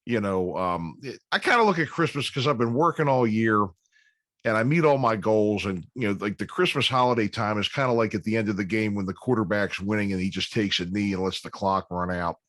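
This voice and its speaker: Low-voiced easygoing male podcast host. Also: fairly quick, a bit bright, no room sound, clean studio sound. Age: 50s. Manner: easygoing, rambling, many fillers. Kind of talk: casual interview chat.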